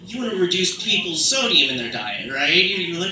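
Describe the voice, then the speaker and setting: A man performs a rambling stand-up set packed with fillers and asides, slipping into put-on British accents. His voice is fairly high, lively in intonation, and brisk. A distant mic gives a roomy sound with faint ambience and a noisy background.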